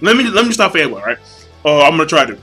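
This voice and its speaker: A young man gushing about a comic chapter in a casual video review, excitable and full of swearing and slang. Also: fairly high pitch, fast talker, breathy edge, soft background music, poor audio. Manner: hyped, profane, slangy fanboy gushing.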